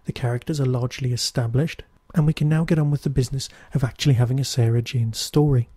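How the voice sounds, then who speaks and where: A man's voice: mid-range voice, fairly even intonation, fast, mellow, husky, no room sound. A Newcastle man with a Geordie accent hosting a podcast, reviewing in a chatty, wry, digressive monologue. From Newcastle, England. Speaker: podcast host.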